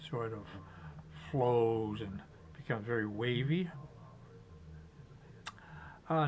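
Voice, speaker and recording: A man demonstrating fly tying step by step, chatty and relaxed, talking to himself as he works. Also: mid-range voice, noisy background. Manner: chatty, talks to himself while working, chuckles.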